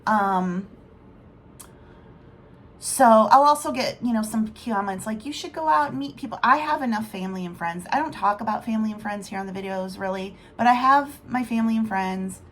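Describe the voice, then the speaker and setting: Middle-aged woman vlogger, candid and rambling, mid-pitched voice, faint background hum. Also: moderate pace. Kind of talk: casual rambling vlog talk.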